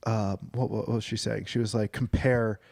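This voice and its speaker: Gravelly guy rambling and cussing on a podcast, dry close mic. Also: on the low side, little pitch movement, normal speed, darkish tone, dry recording. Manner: rambling, swearing, drops into silly voices. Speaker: podcast co-host. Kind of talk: casual podcast banter.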